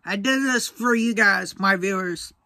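Young man, high bright voice, slow talk, dry close sound, spice-burned, sighing. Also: no echo. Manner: slow, breathy sighs between short remarks, repeats "guys". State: mouth burning from spicy food. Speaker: food vlogger. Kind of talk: casual vlog talk to camera.

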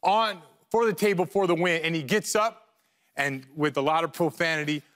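A man narrating a news story in a measured, storytelling delivery. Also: a little high, fairly bright tone. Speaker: news reporter.

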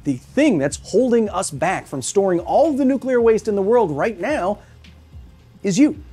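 A man in his thirties, hoarse, hosting a scripted science explainer in a theatrical, wry manner that speaks straight to the viewer. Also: high-pitched, very animated, normal speed, dark tone, faint music behind. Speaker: science video host.

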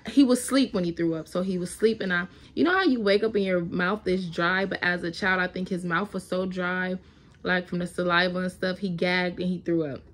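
A woman's voice: on the low side, fairly even intonation, a little fast. A young woman, chatting casually in a home video diary and talking to her toddler now and then. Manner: chatty, talks to her toddler between updates. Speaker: family vlogger.

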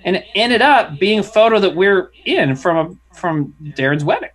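A man's voice: sits high, normal speed. A man on a casual comedy stream, reading viewer questions aloud and rambling through an answer. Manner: relaxed, rambling, restarts often. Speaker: comedy group member reading chat.

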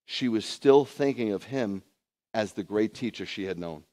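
A man, a rabbi, preaching a lively sermon full of rhetorical questions and conversational asides. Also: fairly low pitch, normal speed.

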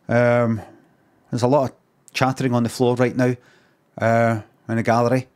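Scottish man, streamer, laid-back rambling story, sweary, mid pitch. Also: level tone, moderate pace, long pauses, darkish tone, clear, resonant tone. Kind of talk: casual storytelling on a live stream.

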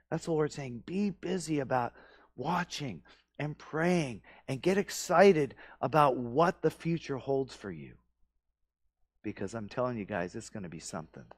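A man's voice: mid-range voice, no room sound, studio quality. A middle-aged male pastor preaching a conversational sermon that builds into emphatic, repeated exhortations. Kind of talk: expository sermon. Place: church sanctuary.

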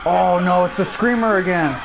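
A man's voice: high voice, fairly even intonation, normal speed, gravelly, noisy background. A man giving casual let's play commentary, cracking sarcastic jokes as he plays. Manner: joking, sarcastic running commentary. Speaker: gameplay commentator.

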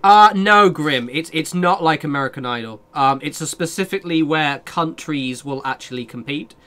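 Young man, game streamer; bright, slightly high voice; chatty, swears a lot, talks to chat as he plays. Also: moderate pace. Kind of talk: casual live-stream chat with viewers.

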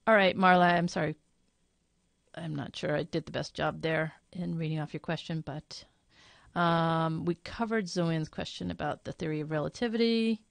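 A woman's voice: low voice, normal speed, creaky, no room sound. A woman moderating a live webinar question session, reading out viewer questions in a chatty, informal way and thinking aloud.

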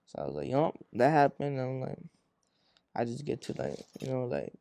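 A man's voice: medium pitch, sing-song, normal speed, gravelly, mellow. A young man from Arizona, a rapper being interviewed, telling a story in a rambling, profane way and acting out what people said. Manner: rambling, profane, acts out quotes. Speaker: rapper guest.

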